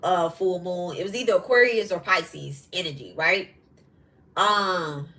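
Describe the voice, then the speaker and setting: Speaking at medium pitch over poor audio, a middle-aged podcast host addresses her viewers head-on in loose conversation. Her voice is bright and forceful; she swears freely, speaks bluntly, and tosses in quick asides and laughs.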